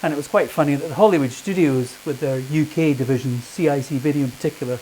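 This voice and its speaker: A man's voice: a little high, fast, dark tone, a little hiss or hum, poor audio. A middle-aged man speaking on a panel, chatty and anecdotal, restarting his sentences often. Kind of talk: public talk answering questions. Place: meeting room with audience.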